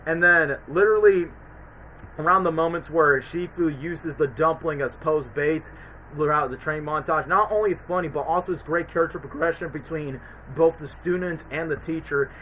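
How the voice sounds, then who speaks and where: A man streaming a casual film ranking, talking in an excitable, rambling way with many fillers. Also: a little high, a little hiss or hum, low-quality recording. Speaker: streamer reviewing films. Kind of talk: casual chat.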